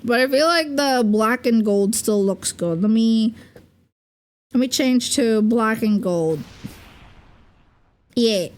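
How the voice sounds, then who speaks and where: A woman's voice: on the high side, takes it slowly, pauses often. A young adult woman chatting casually on a livestream as a VTuber, rambling and giggling with lots of fillers. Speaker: VTuber streamer.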